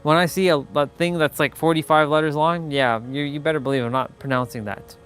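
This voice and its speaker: A man's voice: fairly high pitch, steady tone, brisk, a bit bright, clean tone, soft background music. A man hosting a motivational livestream, talking in a blunt, rambling way with many restarts and fillers. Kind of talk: casual live-stream monologue.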